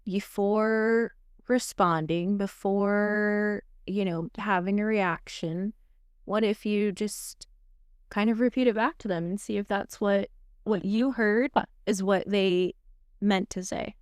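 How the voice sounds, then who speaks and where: A woman with a smooth, resonant voice leads the talk with guiding questions and supportive examples as a counselor. She is recorded close and dry, with no room echo. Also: medium pitch, steady tone, takes it slowly. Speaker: counselor and co-host. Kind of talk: conversational podcast discussion.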